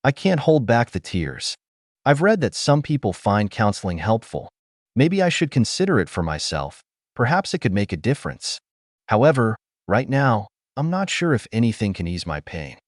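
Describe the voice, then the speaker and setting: A man reading a first-person story aloud as scripted narration, in a steady, even-paced storytelling manner. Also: medium pitch, moderate pace, no echo, clean studio sound.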